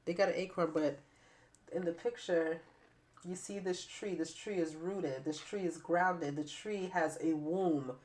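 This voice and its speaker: Woman tarot reader, low-pitched voice, stuffy and raspy from a cold, emphatic and repetitive. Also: measured pace, darkish tone. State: stuffy nose and raspy throat. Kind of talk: spiritual reading to camera.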